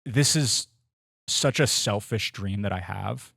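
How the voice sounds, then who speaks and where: A young man with a lowish voice talks earnestly about his work as a sports commentator, often restarting his sentences as he thinks. The sound is close and dry. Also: slow, creaky, a bit bright, breathy edge, no room sound. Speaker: sports commentator, podcast guest. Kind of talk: casual interview chat.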